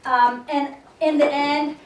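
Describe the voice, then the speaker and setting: A woman's voice: high voice, steady tone, takes it slowly, distant mic. A young woman working as a dog trainer, explaining her methods to viewers between commands and praise to the dog. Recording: echoey room, voice off-mic.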